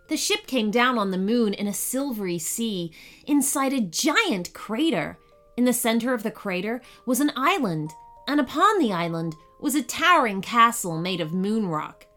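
A woman narrating a children's story in a slow, expressive, animated reading voice. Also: a little high. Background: faint music.

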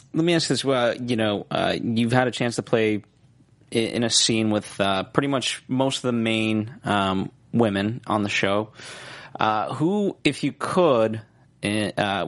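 A man's voice: on the low side, animated, measured pace, no room sound. A man co-hosting a casual interview, asking questions hesitantly. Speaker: co-host.

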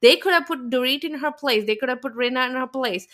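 Female podcast co-host, bright tone, indignant ranting. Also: high voice, fast talker. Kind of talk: casual recap chat.

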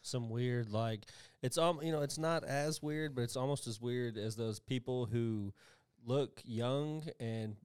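A man's voice: medium pitch, measured pace, darkish tone, smooth, no echo, clean studio sound. A man co-hosting a casual podcast, chiming in with laid-back jokes and comments. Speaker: podcast co-host. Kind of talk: casual chat.

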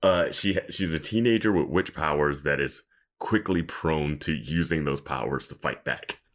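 A man's voice: very deep voice, moderate pace, fairly bright tone. A young man co-hosting a podcast, chatting casually and reacting with frequent laughs. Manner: laughs often, enthusiastic reactions. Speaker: podcast co-host. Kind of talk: casual recap chat.

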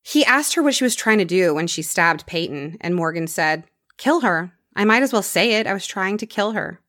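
A woman's voice: mid-range voice, animated, normal speed, fairly bright tone, no room sound, studio quality. A woman hosting a podcast, telling a true crime story in a casual conversational way and dropping her voice for grim details.

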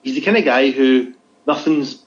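A man's voice: medium pitch, normal speed. A man co-hosting a podcast, reading out odd news items in casual chat with a dry, teasing manner and lots of "okay?" tag questions. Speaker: podcast co-host. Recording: dull lo-fi audio.

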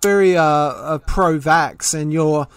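A man's voice: on the high side, slow pace, clear, resonant tone, no echo. A man co-hosting a podcast, playing mock interviewer in wry casual banter. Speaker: podcast co-host.

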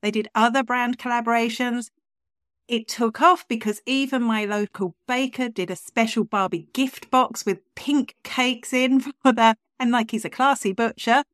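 A woman's voice: mid-range voice, fairly bright tone, no room sound, clean studio sound. A woman co-hosting a podcast in a chatty, upbeat way that often breaks into laughter. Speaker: podcast co-host. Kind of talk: casual chat.

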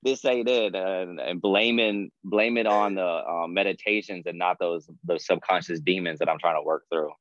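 A man talking casually on a podcast, animated and laughing as he acts out what people said. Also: low voice, normal speed, hardly any pauses, no room sound, highs cut off. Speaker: podcast guest.

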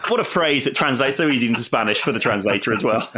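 A man's voice: medium pitch, expressive, fast talker, heavy background noise. Male podcast guest, mid-range voice, keen and emphatic. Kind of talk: casual chat.

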